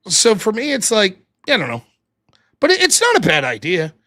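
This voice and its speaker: This is a late-night live stream where the male host chats in a loose, rambling way, swearing freely. His high voice swings hugely in pitch at a moderate pace, sounding pushed and bright, captured in clean studio sound with no room noise.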